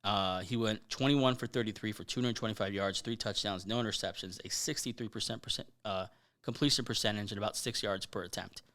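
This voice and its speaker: A man's voice: fairly low pitch, fairly quick, a bit bright. A man hosting a casual sports podcast, conversational and thinking aloud. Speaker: podcast host.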